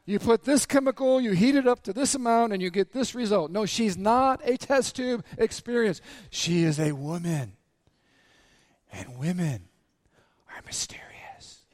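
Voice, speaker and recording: High-voiced man preaching a lively sermon. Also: moderate pace, few pauses, dry recording. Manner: lively, asks the crowd questions. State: slightly raspy throat. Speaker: pastor. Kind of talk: sermon to a congregation.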